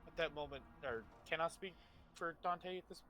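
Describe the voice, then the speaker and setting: A man's voice: fairly high pitch, normal speed, sharp tone, soft background music. A man playing a tabletop role-playing game, declaring his character's actions and speaking his lines with dramatic flair. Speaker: player.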